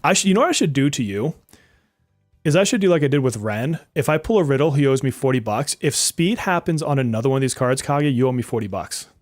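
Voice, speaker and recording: A man's voice: medium pitch, expressive, fast talker, dry recording, studio quality, soft background music. A man streaming a game live, joking and exasperated, often swearing and laughing as he talks to his viewers. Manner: talks to chat viewers directly. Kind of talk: live-stream gaming commentary.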